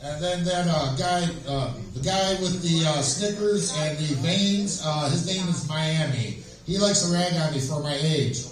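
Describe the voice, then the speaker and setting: Guy rambling through a stand-up set, kinda high voice, super echoey room. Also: unhurried, hardly any pauses. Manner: rambling deadpan storytelling with fillers. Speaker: amateur stand-up comic. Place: small comedy club stage. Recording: echoey room from far off with crowd.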